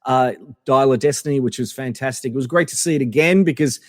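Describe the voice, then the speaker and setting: A man's voice: mid-range voice, fast talker, no room sound, clean studio sound, in a large hall. A man guest telling casual anecdotes in a rambling way, full of fillers and restarts. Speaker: podcast guest.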